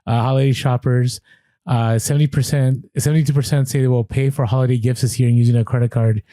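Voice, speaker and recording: A man's voice: mid-range voice, fairly even intonation, quick pace, mellow, no room sound. A man co-hosting a podcast in casual chat, reading out statistics and breaking off for offhand asides. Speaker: podcast co-host.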